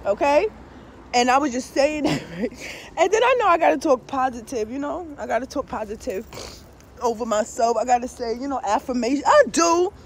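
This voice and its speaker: A woman's voice: high voice, animated, a little fast, slight background noise. A woman tarot reader talking in a casual, rambling monologue, blunt and full of swearing, with frequent laughs and asides. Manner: profane and blunt, peppered with swear-word fillers. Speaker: tarot reader and spiritual vlogger.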